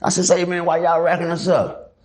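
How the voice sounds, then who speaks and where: A middle-aged man telling stories in a casual interview, animated and profane, acting out the voices of the people in them. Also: high-pitched, a little fast. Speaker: guest.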